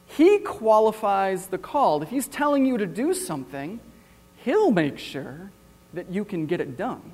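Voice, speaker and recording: A male preacher telling a Bible story with wry, lively humor. His voice sits high for a man. A long hall reverb trails every phrase. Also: measured pace. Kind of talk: sermon.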